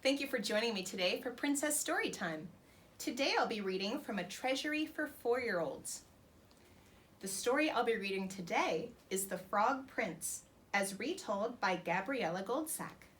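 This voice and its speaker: A woman reads a children's story aloud with a bright, sing-song delivery. Her voice sits a little high and swings widely in pitch as she narrates. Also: animated, normal speed. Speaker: storytime host.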